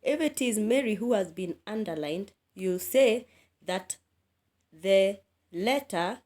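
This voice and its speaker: A woman teaching an English grammar lesson, speaking deliberately, repeating key words and asking the listener questions. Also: mid-range voice, animated, a little mellow.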